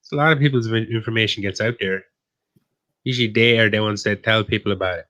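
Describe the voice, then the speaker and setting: On a live online stream panel, an Irish man co-hosts with rambling, teasing banter full of swearing. His voice is on the low side, pushed and bright, and he talks fast.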